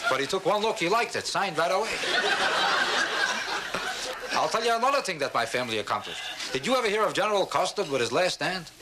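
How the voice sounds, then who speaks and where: A man doing a stand-up routine, with deadpan, mock-serious bragging to a laughing audience. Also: high-pitched, fairly quick, pauses often, noisy background. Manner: deadpan boastful delivery with mock-serious asides. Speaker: stand-up comedian.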